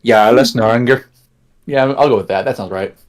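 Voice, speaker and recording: A man's voice: fairly low pitch, quick pace, darkish tone. A man in a casual podcast chat, talking bluntly and swearing casually.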